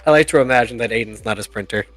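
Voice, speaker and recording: A man's voice: mid-range voice, racing, fairly bright tone, no echo, faint music behind. Chatty male game master, dry close mic. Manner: chatty, laughs often at his own jokes. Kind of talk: narrating a tabletop game.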